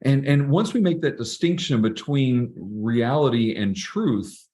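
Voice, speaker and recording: A man's voice: medium pitch, animated, unhurried, mellow. A middle-aged man speaking as a podcast guest, telling personal stories in an earnest, reflective way with frequent restarts. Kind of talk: casual interview conversation.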